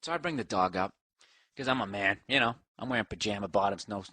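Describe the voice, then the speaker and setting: The comedian podcast host, who has a Boston accent, rambles through a casual, sarcastic rant at home in his office, swearing frequently and chatting to his dog. His voice is on the low side, animated, pushed and bright, and he talks fast, with no room sound.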